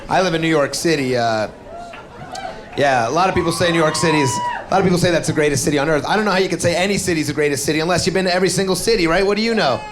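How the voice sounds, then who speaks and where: Racing along in a voice on the high side, a middle-aged comic works a theater crowd with profane, sardonic stand-up, sometimes dropping into fake accents. The live recording carries crowd noise and the audience's laughter.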